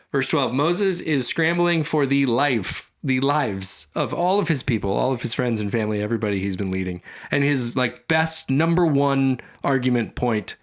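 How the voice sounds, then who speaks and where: A man reads scripture aloud on a comedy podcast, breaking off between verses to crack jokes about it. His voice sits at an ordinary middle pitch, and the talk is a loose, casual chat. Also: lively intonation, normal speed, hardly any pauses. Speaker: podcast co-host.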